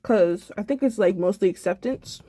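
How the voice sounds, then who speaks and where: Soft-spoken, subdued young woman, mellow voice. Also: mid-range voice, moderate pace, no echo. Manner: reflective, soft-spoken, rambling with fillers. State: sad, subdued. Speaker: vlogger. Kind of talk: personal video diary.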